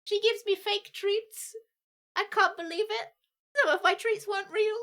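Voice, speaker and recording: A sulky young female pet dog whines about her treats in a high, squeaky voice, as a woman puts her on. The grievance is played as mock-indignant, and the tone stays bright and piercing. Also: fairly even intonation, normal speed. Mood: mock-aggrieved. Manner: whiny, mock-indignant complaining.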